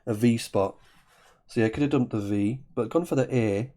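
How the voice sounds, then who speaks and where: A man's voice: medium pitch, normal speed, warm tone. A man commentating live on a word game, thinking aloud and often correcting himself. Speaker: Scrabble commentator.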